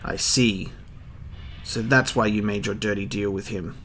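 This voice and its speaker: A man voicing a grim, stoic young swordsman while reading a manga aloud, in a flat, cold, unhurried manner. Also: lowish voice, slight background noise.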